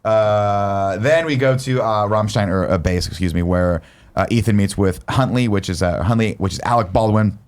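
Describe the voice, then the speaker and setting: A man's voice: on the low side, normal speed, clear, resonant tone. A man in his thirties casually recapping a movie as a podcast host, acting out quoted lines with swearing. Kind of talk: casual movie review chat.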